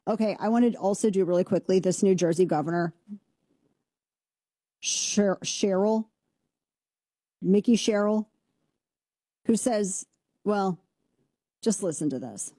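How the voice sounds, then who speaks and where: A woman hosting a commentary show, ranting in a sarcastic, rapid-fire way. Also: mid-range voice, warm tone, no room sound. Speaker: host.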